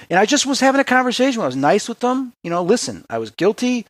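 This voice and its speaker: A man hosting an interview, telling stories in a lively way and laughing often. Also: high voice, fast, few pauses, no room sound. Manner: lively, laughing anecdote teller. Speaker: host. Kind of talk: casual interview talk.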